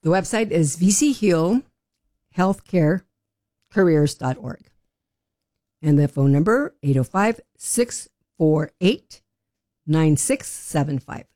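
A woman speaking as a guest on a radio show, encouraging and upbeat as she promotes a program. Her voice is low and mellow, and the sound is dry and close to the mic. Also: animated, slow pace, pauses often, dry recording. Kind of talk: radio interview.

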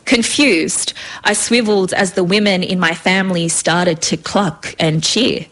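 A woman's voice: lowish voice, fairly even intonation, measured pace, fairly bright tone. A woman reading her own story aloud in a vivid, rhythmic way. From Australia.

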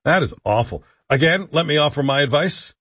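A man hosting talk radio, his voice husky and a little breathy, delivering wry jokes and tongue-in-cheek advice. The sound is close and dry, with a muffled, slightly dull broadcast quality. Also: a little high, animated, a little fast, fairly bright tone, no room sound. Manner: wry, joking, mock-earnest advice. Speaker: radio show host. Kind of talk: casual talk radio banter.

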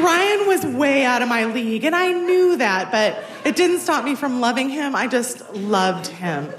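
A woman's voice: on the high side, very noisy. Wry woman storyteller in her forties. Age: 40s. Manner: wry, self-deprecating humor. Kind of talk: live personal storytelling.

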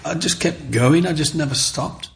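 An older man, telling stories from his childhood in an interview with animated, storytelling energy. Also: a little high, moderate pace, creaky. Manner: animated storyteller, acts out the voices of others.

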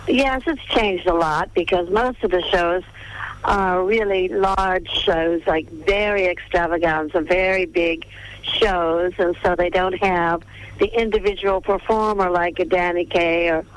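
An older woman who grew up in Texas, a veteran film star reminiscing in a radio interview over the phone, listing names at an unhurried pace. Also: lowish voice, fairly even intonation. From Texas, USA. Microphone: telephone. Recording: tinny phone line, radio broadcast.

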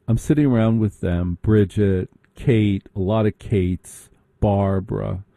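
A man telling a sarcastic, animated comic story in a stand-up style. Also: fairly low pitch, a little slow, gravelly, dry recording. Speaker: comedic storyteller.

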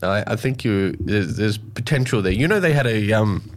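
A man's voice: fairly low pitch, expressive, normal speed. A man with an Australian accent, co-hosting a casual chat in a laid-back, joking way. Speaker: co-host.

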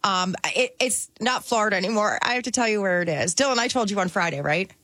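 A woman's voice: mid-range voice, fast, no echo, studio quality. A woman regular on a radio talk show, chatting casually and acting out quotes in her stories. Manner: animated storyteller, acts out quotes.

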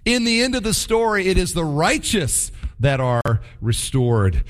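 A male pastor delivering a sermon with emphatic, animated storytelling. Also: high-pitched, a little slow.

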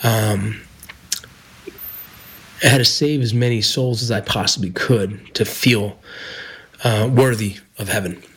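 A man's voice: on the low side, slow pace, pauses often, a bit bright, slightly rough. A middle-aged man, a former border agent and medic, telling a personal story in an earnest, heartfelt way.

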